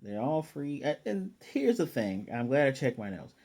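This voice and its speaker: Mellow-voiced man recapping an episode. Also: medium pitch, very animated. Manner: rambling, retells scenes with quick voiced asides. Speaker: anime reviewer.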